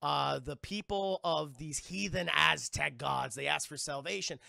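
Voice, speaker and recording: Gravelly, profane man recapping a film. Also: a little high, unhurried, no echo, clean studio sound. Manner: profane, rambling, animated retelling. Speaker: streamer reviewing a film. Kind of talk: casual film review for a live chat.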